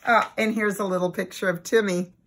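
An older woman hosting a bedtime story show, chatting warmly and reading a children's book aloud. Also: medium pitch, fairly even intonation, a little fast, breathy edge. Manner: chatty, homely, reminiscing asides. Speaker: storyteller host.

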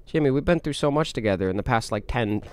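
A man's voice: mid-range voice, lively intonation, fast talker. A young man livestreaming a game, chatting casually, reading chat aloud and playing up dramatic moments for fun. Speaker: streamer and animator.

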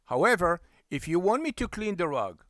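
Middle-aged man, animated storyteller, high and lively pitch. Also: normal speed, no echo, studio quality. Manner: animated, acts out both sides of the dialogue. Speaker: rug cleaning business owner. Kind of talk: storytelling monologue.

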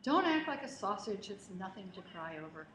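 A woman reading aloud the lines of an exasperated mother scolding her crying daughter, in a brisk, sensible tone. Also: medium pitch, sing-song, fairly bright tone. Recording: roomy hall, faint noise.

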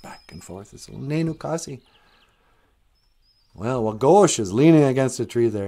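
A man's voice: fairly low pitch, warm tone. A middle-aged man telling a story in a casual, chatty way, chuckling often and restarting his phrases.

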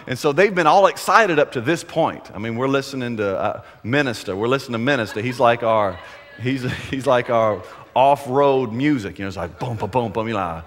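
A man's voice: medium pitch, brisk. A middle-aged man preaching a sermon, telling a funny story in a chatty, humorous way. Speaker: pastor. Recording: echoey hall.

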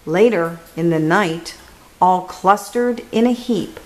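A woman reading a children's picture book aloud, slow and expressive, dropping to a hush on key words. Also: lowish voice, slight background noise, poor audio.

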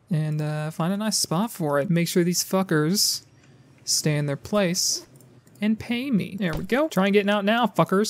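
A man giving sarcastic, profane commentary while playing a game, often yelling at the game characters. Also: fairly high pitch, slight background noise. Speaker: gaming YouTuber. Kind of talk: casual gameplay commentary.

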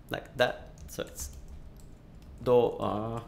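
Man, live-stream language teacher, chatty, answers viewer questions, higher voice with gravel. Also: animated, normal speed, a little hiss or hum. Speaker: Italian teacher. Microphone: studio microphone.

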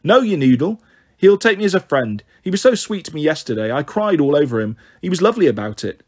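A man reading a story aloud, voicing a flighty, chatty young mother with a breezy, cheeky manner and a husky voice. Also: a little high, very animated, fast talker, darkish tone.

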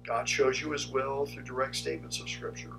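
Gravelly-voiced pastor preaching from afar. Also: male voice, medium pitch, monotone, brisk, distant mic, music in the background, rough recording. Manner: conversational, direct preaching to the congregation. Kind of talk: sermon.

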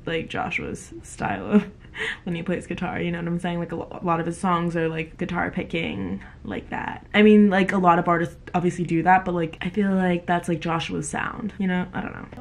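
A woman's voice: on the low side, steady tone, brisk, slight background noise. A woman reacting to an album in a casual vlog. She gushes with emotion and swears freely. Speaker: music reaction vlogger. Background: faint music playing.

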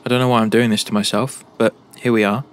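British guy narrating his playthrough, low-ish voice, jokey and chatty with the characters. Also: flat delivery, quick pace, soft background music. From Britain. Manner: jokey, talks to the game characters. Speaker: gaming YouTuber. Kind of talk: game commentary.

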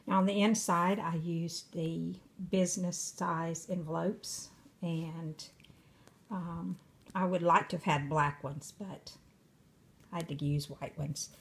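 An older woman showing her craft project in a casual vlog, chatty and unhurried with frequent fillers. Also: on the low side, steady tone, creaky. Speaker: craft vlogger. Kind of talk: casual craft show-and-tell. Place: away from her home craft room.

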